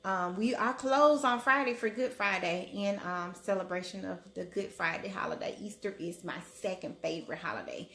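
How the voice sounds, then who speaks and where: A woman doctor talks casually to her live-stream viewers, stopping to greet them by name with a quick rise in pitch. Her voice sits at a middle pitch for a woman. The room around her gives a noticeable echo. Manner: chatty, greets viewers by name in a high bright voice. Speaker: family medicine physician hosting a live stream. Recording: roomy echo.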